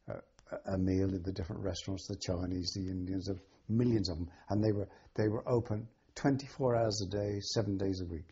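Older man, very husky, dark and low tone, halting with frequent ums, dull lo-fi recording. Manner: halting, with many ums and restarts. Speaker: interviewee. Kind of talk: oral history recollection.

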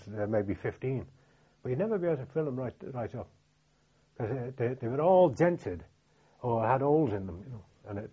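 An older man from Liverpool with a Liverpool accent, recalling wartime memories in an oral history interview, halting and plain-spoken with many restarts. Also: mid-range voice, warm tone, husky. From Liverpool, England. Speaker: veteran interviewee. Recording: dull lo-fi recording.

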